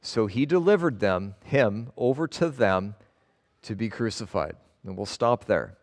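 A man's voice: fairly low pitch, expressive, measured pace. A male pastor preaching a sermon, reading scripture aloud and explaining it in an earnest, emphatic way. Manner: earnest, emphatic preaching, stressing words one by one. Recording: long reverb of a large hall.

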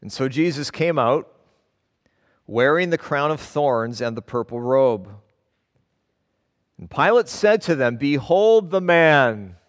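A man's voice: mid-range voice, animated, a little slow, long pauses. A male pastor preaching a sermon, reading scripture aloud and explaining it in an earnest, emphatic way. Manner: earnest, emphatic preaching, stressing words one by one. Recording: long reverb of a large hall.

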